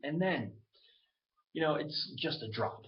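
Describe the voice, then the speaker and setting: A man's voice: on the high side, lively intonation, measured pace, a little hiss or hum. A man talking casually to his webcam about a game. He rambles loosely and swears now and then. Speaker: gaming video creator. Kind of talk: casual gaming talk to webcam. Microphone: webcam mic. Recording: dull lo-fi webcam audio.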